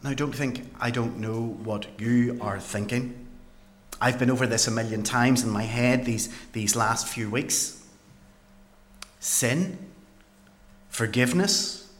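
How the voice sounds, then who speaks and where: A man performing a dramatic first-person Bible monologue as a paralysed man healed by Jesus, with earnest storytelling and dramatic pauses. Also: mid-range voice, lightly acted. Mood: tense.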